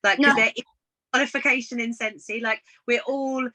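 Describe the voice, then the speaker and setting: Brief: woman guest, mid-pitched bright voice, encouraging storyteller in a casual live chat. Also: steady tone, brisk, rough recording. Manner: storytelling, encouraging, acts out quoted dialogue. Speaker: guest business consultant.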